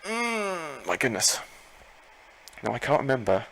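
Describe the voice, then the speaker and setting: A man commenting live on his own Pokémon battle, excitable, talking to himself and his opponent and repeating phrases. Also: fairly low pitch, normal speed, slight background noise, rough recording. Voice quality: gravelly.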